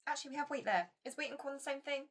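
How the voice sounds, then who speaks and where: A woman's voice: sits high, very fast, a bit bright. A woman chatting casually to her viewers while playing a board game, chatty and self-mocking.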